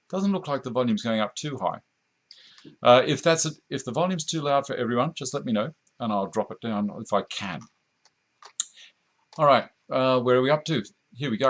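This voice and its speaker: An Australian man hosts a woodworking live stream from his home workshop, chatting casually, reading viewer comments aloud and chuckling often. His medium-pitched voice is animated and at a normal speed, captured by a camera mic at a short distance.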